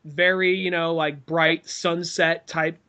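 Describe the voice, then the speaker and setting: A podcast co-host with a slightly high, clear and resonant voice, bright and forceful, takes it slowly with little pitch movement. He chats casually and ramblingly, swearing and doing silly voices.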